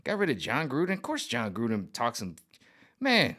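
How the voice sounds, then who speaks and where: Animated slangy man rambling to camera. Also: medium pitch, normal speed. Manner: animated, slangy, repeats himself, restarts and trails off. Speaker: vlogger. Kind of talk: casual rambling monologue to camera.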